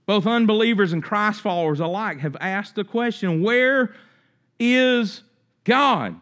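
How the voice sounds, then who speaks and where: A man's voice: high-pitched, a little slow, fairly bright tone. A middle-aged man preaching a sermon, reading scripture with rising and falling intensity. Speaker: pastor.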